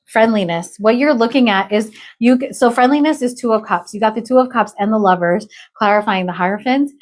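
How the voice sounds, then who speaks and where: A woman with a high-ish voice moves fairly quickly through a tarot reading, chatting loosely about each card. Sounding a little sick, she interjects exclamations and asks "okay?" again and again.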